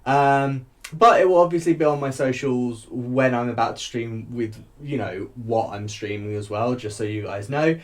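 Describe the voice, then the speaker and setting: A man's voice: mid-range voice, moderate pace. Rambling, chatty man. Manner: rambling, chatty, laughs often. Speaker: YouTube reviewer. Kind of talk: casual chat.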